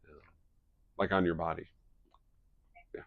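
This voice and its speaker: A man's voice: low-pitched, level tone, a little slow, creaky, no room sound, phone-quality sound. A man giving a casual presentation to a small live audience, telling chatty stories and laughing at his own anecdotes. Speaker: wellness presenter.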